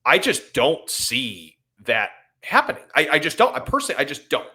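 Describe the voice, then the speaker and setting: A man's voice: on the high side, wildly swooping pitch, moderate pace, sharp tone, slightly rough. A man co-hosting a sports podcast, ranting with emotion and apologizing for it. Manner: impassioned, rambling, apologetic. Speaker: podcast co-host. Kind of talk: emotional casual sports talk.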